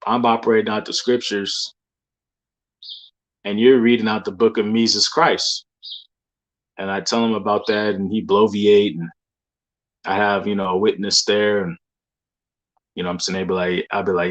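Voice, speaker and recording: A young man talks in a loose, unscripted way, piling up fillers and slang as he tells a personal story. His voice sits a bit low, and he drifts from one thought to the next. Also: flat delivery, moderate pace, pauses often. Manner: loose, rambling street slang with many fillers. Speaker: believer sharing dreams. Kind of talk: casual testimony monologue.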